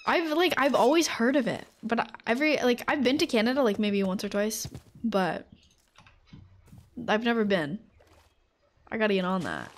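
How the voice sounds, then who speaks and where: A woman's voice: fairly high pitch, moderate pace, pauses often. A woman streaming a game live, chatting casually and rambling, with lots of fillers and frequent laughter. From United States.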